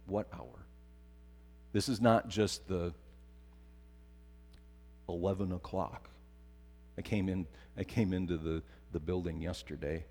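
A man's voice: low voice, a little mellow, a little hiss or hum. A middle-aged man preaching a sermon, telling stories and building to emphatic repetition. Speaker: pastor. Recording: long hall reverb.

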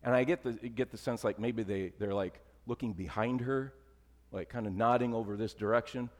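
A male pastor delivers a conversational sermon at a middle pitch, often easing into soft, emphatic lows. His voice carries a long reverb that trails through the church. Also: moderate pace.

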